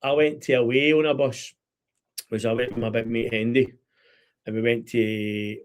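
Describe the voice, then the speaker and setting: A man's voice: mid-range voice, little pitch movement, moderate pace. A young Scottish man hosting a podcast, telling rambling football stories in casual chat and laughing often. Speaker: podcast host.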